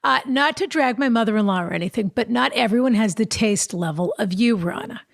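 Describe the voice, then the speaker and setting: A woman's voice: fairly high pitch, lively intonation, a little fast, gravelly. A woman co-hosting an advice podcast, bantering playfully and reading listener letters aloud. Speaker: podcast co-host. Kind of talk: casual advice-show banter.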